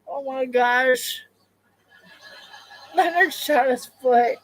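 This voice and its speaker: High, lively woman chatting slowly. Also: dry recording, low-quality recording. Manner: chatty, gushing, thinks aloud in fragments. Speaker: live-stream host reacting to a TV show. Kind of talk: casual reaction commentary.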